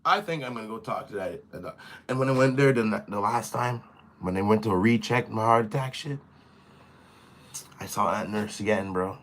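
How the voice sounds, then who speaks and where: A man's voice: fairly low pitch, moderate pace, slight background noise. Profane young man telling a story. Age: young adult. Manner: loose, profane, animated storytelling with quoted voices. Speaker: live stream host. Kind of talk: casual storytelling on a live stream.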